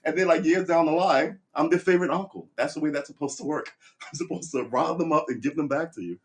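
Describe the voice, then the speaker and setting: A man's voice: fairly high pitch, fast talker. A man hosting a livestream, talking through his opinions in a rambling, blunt way with frequent restarts and swearing. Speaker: livestream host. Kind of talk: casual opinion monologue.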